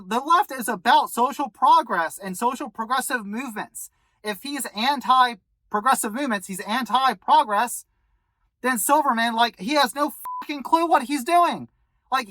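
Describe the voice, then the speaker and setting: A woman's voice: fairly high pitch, a bit bright, no echo, low-quality recording. A woman vlogger delivering an angry, profane commentary rant to her viewers. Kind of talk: ranting commentary to camera.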